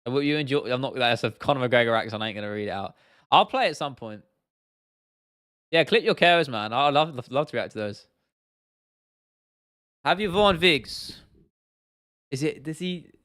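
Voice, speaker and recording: A young man from the UK chats through a casual livestream Q&A in a blunt, slangy way, swearing freely and tripping into restarts. His voice is smooth and resonant, and the sound is close and dry, with no room around it. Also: mid-range voice, animated, a little fast, fairly bright tone, dry recording. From United Kingdom. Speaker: livestream host.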